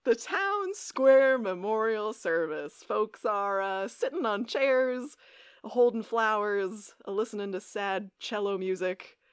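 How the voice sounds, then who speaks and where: A woman's voice: medium pitch, slow, clean tone, no room sound, clean studio sound. A young adult woman co-hosting a podcast, recapping an episode in casual chat and acting out the characters' lines as she goes. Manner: animated, acts out characters' lines while recapping. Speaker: podcast co-host.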